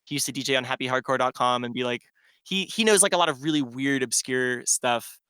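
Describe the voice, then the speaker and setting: Smooth-voiced man rambling through a story. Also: mid-range voice, brisk, pushed and bright, no room sound, studio quality. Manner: rambling storyteller, heavy "like" filler. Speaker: DJ guest. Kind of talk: casual podcast chat.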